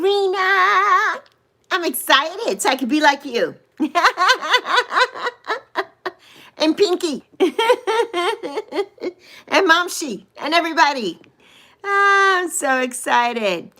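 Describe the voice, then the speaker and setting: A woman's voice: on the high side, fairly bright tone. A woman in her sixties hosting a livestream, effusively greeting viewers by name and thanking them. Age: 60s. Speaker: livestream host. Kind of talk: casual livestream greetings to chat.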